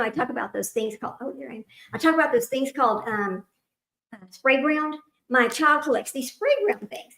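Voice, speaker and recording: A woman's voice: sits high, creaky, rough recording. A middle-aged woman hosting a casual trivia livestream, rambling and chatty, laughing often and talking straight to her viewers.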